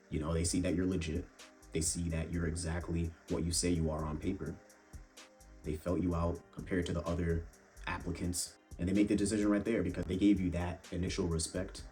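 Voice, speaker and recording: A man's voice: low-pitched, darkish tone. A young man giving blunt, profane dating advice straight to the viewer, addressing them as bro. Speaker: fitness and dating vlogger. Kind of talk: casual monologue to camera.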